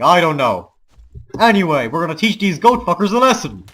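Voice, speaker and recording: This let's play gamer talks a little fast in a slightly high, sing-song voice, his Balkan accent covered by a forced American one. He delivers mock-heroic war speeches and dry side remarks over his gameplay while loud game audio and vehicle noise run beneath.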